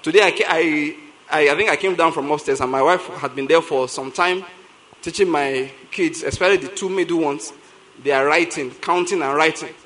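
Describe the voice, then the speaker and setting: A male pastor with a Nigerian accent delivers a lively sermon in a notably high voice. he tells stories with a lot of energy, hammers points home by repeating himself, and breaks into laughter often. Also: moderate pace, a little hiss or hum. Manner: animated storytelling, repeating lines for emphasis, laughs often.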